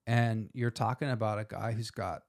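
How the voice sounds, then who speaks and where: A man's voice: on the low side, fairly even intonation, normal speed. A man in his forties, a firefighter, talking candidly and emotionally in an interview, casual and heartfelt. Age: 40s. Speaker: firefighter guest.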